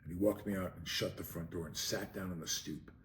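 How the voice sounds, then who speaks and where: A man's voice: sits low, steady tone, a little fast. A man, hosting his show and telling a rambling personal story in a conversational way. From New York, Long Island. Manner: rambling, conversational, frequent "you know". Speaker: host. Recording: echoey room with faint noise.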